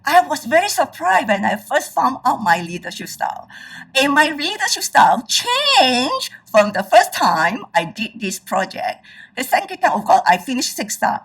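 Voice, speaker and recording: A woman's voice: high voice, a bit bright, far from the mic, low-quality recording. A woman giving a presentation on public speaking as a trainer. She speaks emphatically and keeps checking in with her audience.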